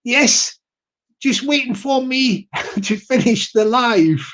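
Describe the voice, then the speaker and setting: A man with a Southwest England accent hosting a casual livestream, chatty and rambling, repeating his phrases and laughing as he gives shout-outs. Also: very high-pitched, expressive, slow. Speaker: livestream host.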